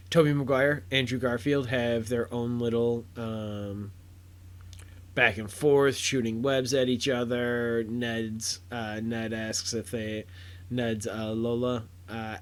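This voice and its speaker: A man with a smooth, mid-range voice hosts a podcast film review that rambles along, packed with fillers and restarts. At the big moments he gets loud and excited.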